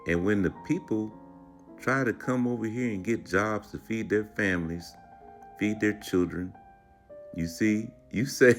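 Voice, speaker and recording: A man's voice: on the low side, measured pace, soft background music. A man giving reaction commentary in a preachy, lecturing way.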